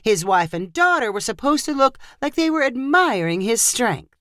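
A woman narrating a scripted story in an expressive storyteller manner. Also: a little high, moderate pace, dry recording, studio quality.

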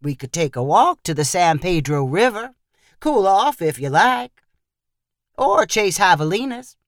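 A man's voice: high voice, very animated, a little slow, dry recording, clean studio sound, heavily acted. A man reading the part of an easygoing old ranch grandfather, drawling and matter-of-fact.

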